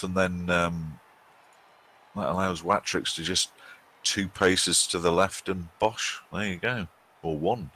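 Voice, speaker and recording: A man with a low but bright, forceful voice hosts a casual game commentary. He jokes and chats loosely, often restarting his sentences as he thinks aloud about the match. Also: low-quality recording. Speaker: host.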